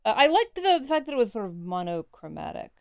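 Wry playful woman co-hosting a podcast, lots of vocal fry, dry close sound. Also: medium pitch, very animated, fast, dry recording. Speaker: podcast co-host. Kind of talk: casual podcast discussion.

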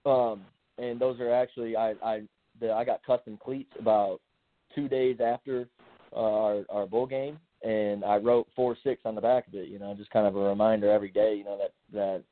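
A young man, a college football player, answering in a relaxed, laid-back way full of fillers. His voice sits a little low. It comes through a dry, tinny phone line. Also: moderate pace, no room sound. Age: young adult. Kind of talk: casual interview answers.

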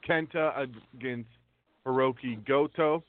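A man hosts a casual wrestling talk show, speaking slowly and filling pauses with ums as he works through lists of names. His voice is mid-pitched and comes over a narrow, tinny phone connection. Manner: unhurried, reads out lists of names with frequent ums. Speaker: wrestling news podcast host. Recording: tinny phone-line audio.

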